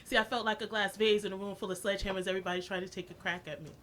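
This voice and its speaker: A woman's voice: medium pitch, steady tone, rapid-fire, fairly bright tone. A woman in her thirties from the New Jersey shore, a spoken word poet and activist who performs in a rhythmic style with repeated refrains. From Asbury Park area, New Jersey. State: emotional, voice catching.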